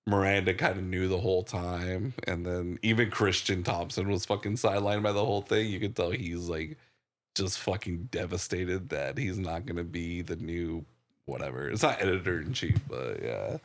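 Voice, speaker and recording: A man's voice: sits low, normal speed. A man co-hosting a podcast, chatting casually and rambling about a film, swearing freely and laughing often. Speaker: podcast co-host. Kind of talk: casual movie review chat.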